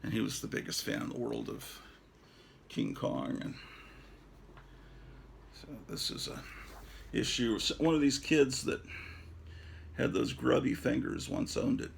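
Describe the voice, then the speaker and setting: Gravelly, rambling middle-aged man. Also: medium pitch, wildly swooping pitch, slight background noise. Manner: rambling, halting restarts; addresses viewers as ladies and gentlemen. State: out of breath. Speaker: collector giving a home tour. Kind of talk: casual home tour vlog. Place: house interior.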